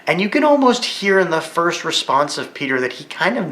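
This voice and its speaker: A man teaching a Bible study lesson in a church, retelling the story vividly and rising with excitement at key moments. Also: high-pitched, a little fast. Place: church room. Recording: echoey room.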